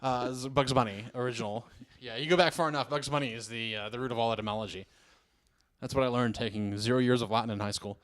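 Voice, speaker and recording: A man's voice: medium pitch, quick pace, fairly bright tone. Southern man, chatty podcast guest, rambling, self-deprecating. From American South. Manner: rambling, self-mocking, many restarts. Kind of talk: casual chat.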